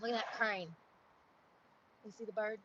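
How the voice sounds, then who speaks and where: A young woman from North Carolina with a Southern accent, chatting excitedly and swearing as she films herself outdoors on a phone. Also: mid-range voice, moderate pace, dull audio, background noise. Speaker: IRL streamer. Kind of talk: casual outdoor vlog chatter. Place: outdoors on a coast.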